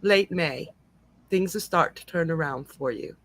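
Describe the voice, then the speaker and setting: A woman giving live psychic readings in a gentle, reassuring and emotional way. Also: deep voice, a little slow, gravelly. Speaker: psychic reader. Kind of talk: live online reading, casual chat.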